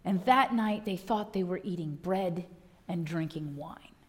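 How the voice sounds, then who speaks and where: A woman pastor preaching a sermon with impassioned delivery, swinging from loud declarations to hushed lines. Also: lowish voice, measured pace.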